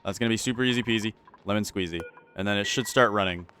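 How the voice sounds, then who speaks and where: A man with a fairly low voice commentates his own gameplay in a rambling, let's-play way. He gets frantic and repeats himself when things go wrong. A faint hiss sits under the recording. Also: fast, fairly bright tone. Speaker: gaming channel host.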